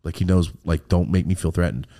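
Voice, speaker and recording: A man's voice: sits low, brisk, dark tone. A man hosting a podcast, telling stories in casual chat, swearing often and laughing as he talks. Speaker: podcast host.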